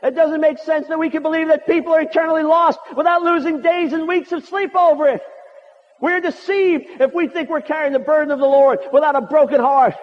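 A man's voice: very high-pitched, steady tone, fairly quick. A man preaching a sermon with impassioned, rhetorical repetitions. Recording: muffled audio with long hall reverb.

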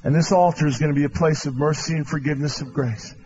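Male revival preacher with a high voice, pleading and proclaiming in turn; dull live church recording. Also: fairly even intonation, fast talker. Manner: impassioned, swinging from loud proclaiming to hushed pleading. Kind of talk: revival altar-call sermon. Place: large church with balcony.

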